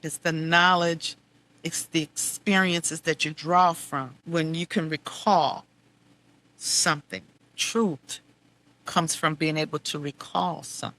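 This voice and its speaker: A middle-aged woman hosting a podcast, telling a candid personal story, heartfelt and wry, moving between quiet reflection and exasperated venting. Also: low voice, fairly even intonation, slow pace. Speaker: podcast host.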